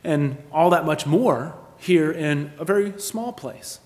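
Guy preaching, goes from emphatic to almost hushed, lots of rhetorical questions, long echo like a church hall. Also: fairly high pitch, expressive, slow. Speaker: pastor. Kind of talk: sermon.

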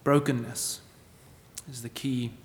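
A man preaching a sermon, asking rhetorical questions and moving between emphatic lines and hushed ones. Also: medium pitch, flat delivery, takes it slowly, long reverb tail. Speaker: pastor.

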